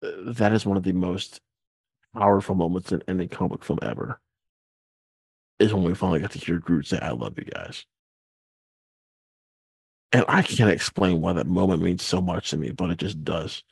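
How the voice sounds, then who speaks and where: A man's voice: deep voice, fairly even intonation, fairly quick, gravelly, husky, no room sound. A man hosting a casual podcast, steering the talk in a laid-back, easygoing way. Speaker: podcast host.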